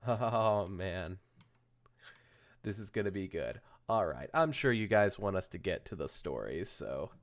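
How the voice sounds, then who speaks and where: A man's voice: low voice, animated, unhurried. A man hosting a podcast, reading fan fiction aloud with casual joking asides, stumbling and correcting himself as he goes. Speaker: podcast host.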